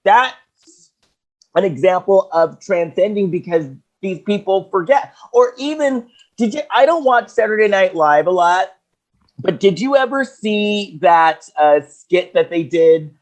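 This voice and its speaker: A woman co-hosting a book podcast, telling stories in a blunt, animated and emphatic way. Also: medium pitch, unhurried. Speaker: podcast co-host discussing a book. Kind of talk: casual chat.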